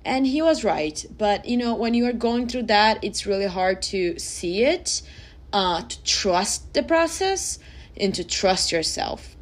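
A woman's voice: medium pitch, animated, a little slow. Woman, 20s, podcast host, earnest, emotional, direct to listeners. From Brazil. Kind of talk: personal podcast monologue.

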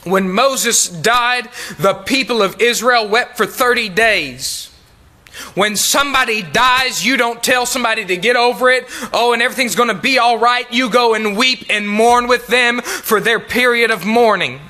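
A man preaching a sermon, reading King James scripture aloud and repeating key phrases for emphasis, sometimes dropping to a soft, low voice. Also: a little slow. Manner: reads King James verses then comments with emphatic repetition; drops to soft, low tones in tender appeals.

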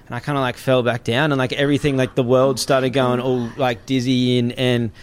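A young Australian man telling a story in casual chat, animated, swearing freely and acting out the people in it. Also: mid-range voice, brisk, smooth.

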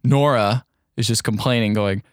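A man's voice: on the low side, moderate pace, clean tone, no room sound, studio quality. A young man co-hosting a podcast, casually recapping a movie plot and acting out lines in silly voices. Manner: jokey, acts out characters in silly voices. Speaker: podcast co-host.

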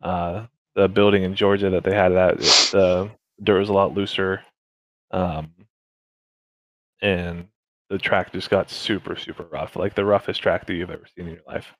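Man, very low voice, dry close sound, halting casual talk with fillers. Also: level tone, a bit bright, dry recording, rough recording. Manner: halting, many fillers and restarts. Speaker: racing driver guest. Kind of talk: casual interview chat.

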